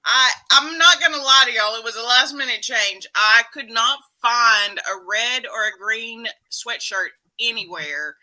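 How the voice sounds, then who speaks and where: Texan woman, chatty livestream host, high and very bright, teasing. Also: unhurried, hardly any pauses, poor audio. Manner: chatty, teasing, greets viewers. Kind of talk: casual live-stream chat.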